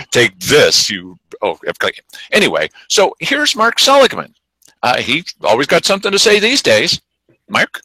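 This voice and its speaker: A man hosting a talk show, telling stories in a casual, animated way and acting out the quotes. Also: on the high side, a little slow, breathy edge, no echo, poor audio. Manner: animated storytelling, acts out quotes. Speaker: show host. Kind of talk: casual chat.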